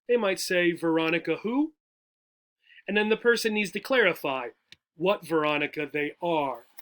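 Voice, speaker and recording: A man with a high voice explains jokes slowly and patiently for English learners. His tone is bright and forceful, and he keeps checking in with his listeners. He sounds like a teacher guiding a class step by step. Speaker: adult education teacher.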